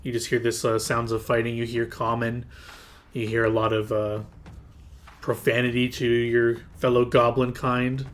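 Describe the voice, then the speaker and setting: A man's voice: mid-range voice, monotone, moderate pace. Rambling male game master describing scenes. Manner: rambling, descriptive, full of filler words. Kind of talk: narrating a tabletop game.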